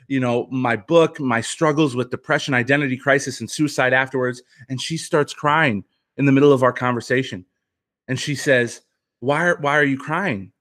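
On a podcast, a man who used to pitch and now writes books reflects earnestly on a personal story. His voice is slightly bright, and he often starts sentences over.

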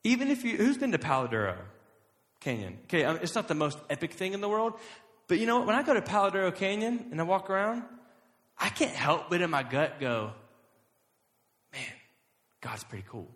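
A man's voice: high-pitched, big pitch swings, fairly bright tone. Young guy preaching, chatty but drags out the big words, echoey hall. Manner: conversational, drawls key words slowly for emphasis. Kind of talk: casual sermon to a live audience. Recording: long hall reverb.

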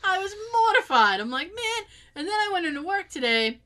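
A woman's voice: extremely high pitch, sing-song, brisk, pushed and bright. A woman casually telling a story and acting out the quotes, swearing freely.

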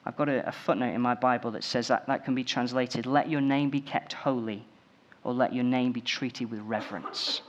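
A man's voice: medium pitch, steady tone, moderate pace, highs cut off, slight background noise. A man preaching a sermon, building emphasis through repeated phrases.

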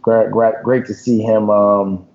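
Relaxed ex-player co-host, casual sports talk, mid pitch, slightly muffled sound. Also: male voice, measured pace, a little hiss or hum. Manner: relaxed, lots of "you know" and "man". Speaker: podcast co-host, former football player.

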